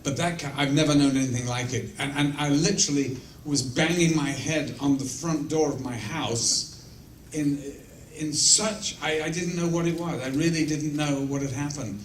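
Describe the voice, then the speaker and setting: At a convention, a man with a fairly high voice speaking at normal speed answers fan questions in a casual storytelling Q&A, sharing blunt, profane, self-mocking anecdotes. The large room holds an audience, and the distant mic picks up roomy echo and faint noise.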